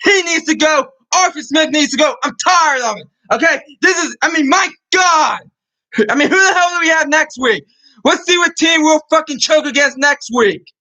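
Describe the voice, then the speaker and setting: A young man with a very high, bright, piercing voice vents on his sports channel. He rants in fury, swears freely and hammers the same complaints again and again. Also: moderate pace, poor audio. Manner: furious, ranting, swearing, repeats himself. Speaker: sports vlogger. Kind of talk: angry sports rant.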